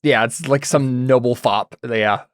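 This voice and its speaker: A man's voice: medium pitch, a little slow, dry recording, clean studio sound. A man running a tabletop game as game master, narrating scenes with many fillers and restarts.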